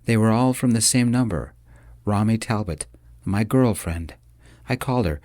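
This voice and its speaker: A man reads a first-person audiobook in a low voice. His storytelling is steady and measured. The recording is dry and close, with no room sound. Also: no echo. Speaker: audiobook narrator. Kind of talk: audiobook narration.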